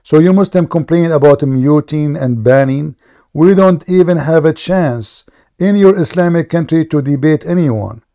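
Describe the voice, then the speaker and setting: Halting, mellow-voiced man debating. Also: on the high side. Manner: halting, many restarts, then heated and forceful. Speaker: debate stream host. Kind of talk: live online debate.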